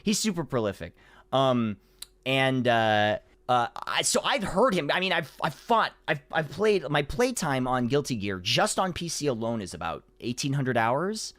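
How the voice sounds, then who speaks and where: A man with a very lively, up-and-down delivery, chatting as a podcast guest about his voice work. He rambles and restarts his sentences, and the sound is dry and close with no room echo. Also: medium pitch, normal speed. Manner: animated, rambling storytelling with many restarts. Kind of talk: casual podcast conversation.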